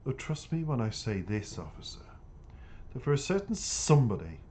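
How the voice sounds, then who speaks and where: A man's voice: mid-range voice, sing-song, normal speed, darkish tone, slight background noise, lightly acted. A man voicing a stern older woman who runs a boys' home, scolding in a storybook reading.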